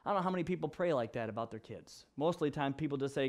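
Pastor guy w a high voice, chatty vlog sermon, animated, sarcastic bits. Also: racing. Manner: animated, sarcastic asides, acts out quotes.

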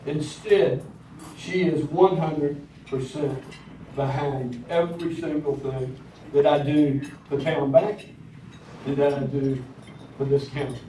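With a Southern drawl and plenty of ums and uhs, a man in his 60s, a county commissioner at a public event, speaks in a folksy, personal way. His warm voice runs slightly high for a man, and his intonation stays fairly even. He's heard from a distance in a big, reverberant hall over faint cutlery and dish clatter and a light hiss or hum.

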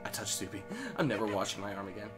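A man's voice: fairly low pitch, racing. A man co-hosting a gaming video, chatting casually and telling stories with lots of swearing over game music. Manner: animated storyteller, swears a lot, loud sudden shrieks. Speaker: gaming co-host. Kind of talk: casual let's play chat.

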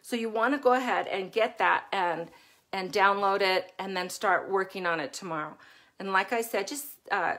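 A middle-aged woman giving a live-stream talk as a parenting coach, chatty and laughing often as she acts out her own moments of yelling. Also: medium pitch, normal speed.

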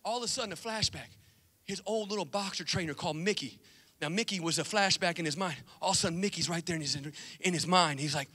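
A middle-aged man preaching a lively sermon, telling stories animatedly and acting out scenes. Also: sits high, fast talker. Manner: animated storytelling, acts out movie scenes. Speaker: pastor. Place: church sanctuary. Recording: long reverb of a large church hall.

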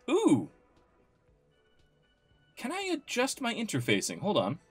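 Animated casual gaming commentator, man. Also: sits high, drawn-out words, slightly rough, soft background music. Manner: casual, amused, reads dialogue aloud. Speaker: let's play host.

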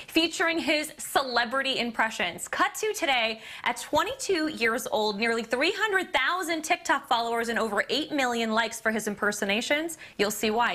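A woman's voice: on the high side, pushed and bright. A woman hosting a TV morning show, bubbly and upbeat as she interviews a guest.

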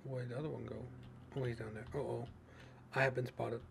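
A man's voice: mid-range voice, little pitch movement, fairly quick, creaky, slight background noise. A man casually narrating his own survival gameplay, thinking aloud with many fillers and restarts. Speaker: let's play gamer. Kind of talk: casual game commentary.

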